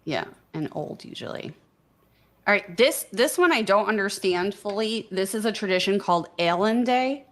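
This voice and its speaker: A woman's voice: medium pitch, moderate pace. Chatty woman co-host reading news. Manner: relaxed, chatty, laughs along. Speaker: co-host and news reader of a paranormal news show. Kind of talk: casual chat and reading news items.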